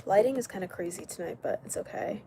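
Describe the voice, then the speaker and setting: A woman's voice: medium pitch, fast talker, background noise. Chatty young woman on a late-night stream. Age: young adult. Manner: chatty, greets viewers by name, laughs often. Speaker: livestream host. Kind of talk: casual late-night livestream chat. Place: indoors at home, late at night.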